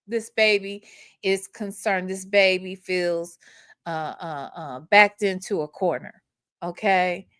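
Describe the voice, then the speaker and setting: Her voice sits on the high side and is a bit bright as she hosts a laid-back commentary stream and reads the chat. She's emphatic, profane and repetitive, constantly tacking on "okay?". There's no room sound, and the quality is studio-grade.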